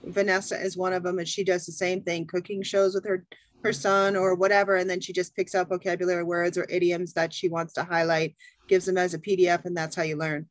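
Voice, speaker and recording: Teacher host, casual chat, agreeable, mid-pitched, dry close sound. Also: a little fast, no echo, low-quality recording. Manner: relaxed, agreeable, backchannels often. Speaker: English teacher and channel host. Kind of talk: casual video-call conversation.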